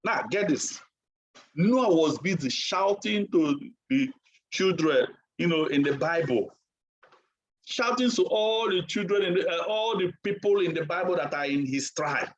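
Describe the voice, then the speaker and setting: A man's voice: high voice, lively intonation, unhurried, muffled recording. A man giving a motivational training talk like a sermon, emphatic and repetitive. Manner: emphatic and repetitive, asks for water mid-talk. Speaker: trainer and speaker.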